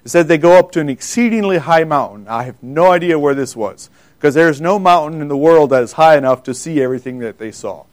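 A man delivers a sermon from the pulpit. His voice sits a little high for a man. He speaks with emphasis and lifts his voice when he quotes scripture. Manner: pauses and self-corrects, loses place in notes. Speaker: preacher.

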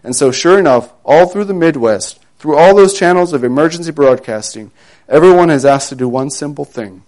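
A preacher telling a dramatic second-person story in a sermon, dropping low and quiet on grave moments. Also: male voice, lively intonation, brisk.

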